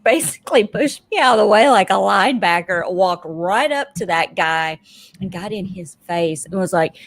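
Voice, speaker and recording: A woman's voice: medium pitch, moderate pace. A woman, co-hosting a podcast and telling a story in casual chat, acting out the people in it. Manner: animated, acts out quoted people mid-story. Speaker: podcast co-host.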